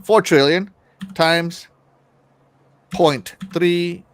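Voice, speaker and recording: A man's voice: a little high, very slow, smooth, no room sound. A man hosting a casual gaming news podcast who reads viewer comments aloud and teases his co-hosts. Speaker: podcast host.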